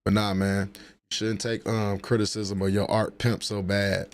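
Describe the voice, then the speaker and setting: Trash-talking man with a low voice. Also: flat delivery, measured pace. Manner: trash-talking, laughing, profane banter. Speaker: livestream host. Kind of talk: casual livestream chat.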